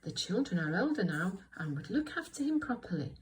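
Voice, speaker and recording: A woman voicing a small, young toy bear who is eager and determined, in a small, high, excited voice. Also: brisk, slight background noise, close to an everyday voice.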